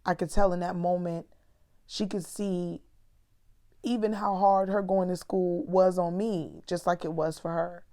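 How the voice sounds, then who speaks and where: A woman shares a candid personal reflection with her audience, speaking slowly and earnestly in a low, mellow voice. Her talk is conversational, sprinkled with affectionate asides to listeners. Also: steady tone. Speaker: vlogger; mother.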